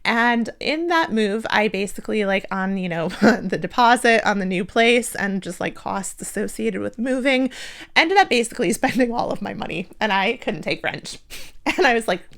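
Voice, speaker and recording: A woman's voice: medium pitch, lively intonation, moderate pace, a bit bright. A young woman from the United States, talking casually to camera in a self-deprecating vlog, laughing often and filling with "like". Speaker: vlogger.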